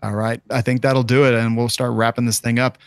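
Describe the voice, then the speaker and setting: A man's voice: medium pitch, level tone, fairly quick, clean tone, no room sound, clean studio sound. A man hosting a podcast in casual chat, often laughing and reading sponsor ads. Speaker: podcast host.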